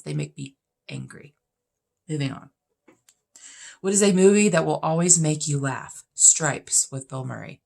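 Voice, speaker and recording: Woman, fifties, low voice, gravelly fry, blunt opinionated vlogger chat. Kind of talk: casual chat answering questions.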